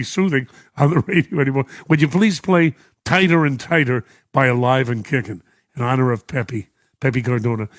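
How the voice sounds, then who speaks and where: An older American radio host with a New York accent reads listener messages, growing emotional and chuckling often. His medium-pitched voice is steady and at normal speed, recorded cleanly on a studio microphone with no echo.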